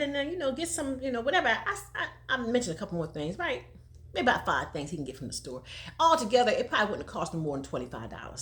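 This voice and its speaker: Older woman, animated storyteller, swooping pitch, country drawl. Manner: animated, laughing often, country dialect. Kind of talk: casual storytelling.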